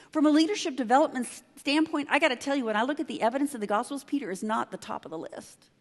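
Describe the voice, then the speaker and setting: A woman giving a conference talk as a leadership consultant, telling a story in an emphatic, conversational way with quick asides to the audience. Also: on the high side, a little mellow. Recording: long reverb of a large hall.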